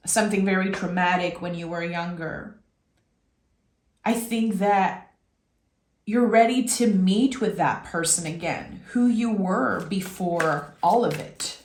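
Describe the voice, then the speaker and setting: A woman from Québec giving an intuitive tarot reading in a reflective, meandering, gently encouraging way. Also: mid-range voice, slight background noise. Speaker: tarot reader. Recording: echoey room.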